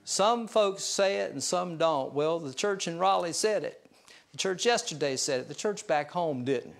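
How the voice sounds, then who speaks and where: A male pastor from a Southern mountain region delivers a sermon in a folksy, self-deprecating way, telling stories. His voice sits somewhat high for a man. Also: expressive, moderate pace, gravelly. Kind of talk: sermon storytelling.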